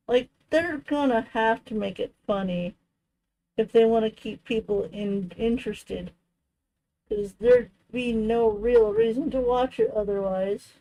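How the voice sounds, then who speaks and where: This young woman runs a crafting livestream, rambling casually with plenty of "like" and "you know." She speaks unhurriedly in a fairly high voice with a dark tone, and the audio quality is poor.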